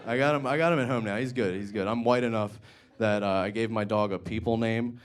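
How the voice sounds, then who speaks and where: A young man with a fairly low voice doing a stand-up set on a club stage. He rambles through self-deprecating stories and drops crude asides, with faint club noise under the mic. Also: fairly even intonation, fairly quick. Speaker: stand-up comedian.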